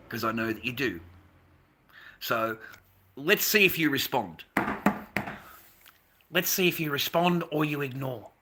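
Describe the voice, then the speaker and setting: An Australian man on a live stream, rambling and confrontational, swearing freely and veering from low muttering to loud outbursts. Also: breathy edge. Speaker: livestreamer.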